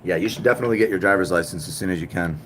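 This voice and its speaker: A man in his thirties, originally from Puerto Rico, chats casually with viewers on a stream, joking and then dropping into quiet asides. His voice sits fairly low, and a faint hiss stays in the background. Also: rapid-fire. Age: 30s. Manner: joking, swings between loud bursts and low mutters. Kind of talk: casual live-stream chat.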